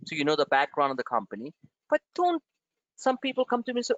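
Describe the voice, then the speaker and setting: A man's voice: fairly high pitch, wildly swooping pitch, fast talker, a bit bright, no echo, lo-fi sound. A man hosting a trading webinar, blunt and emphatic, firing off rhetorical questions at his listeners.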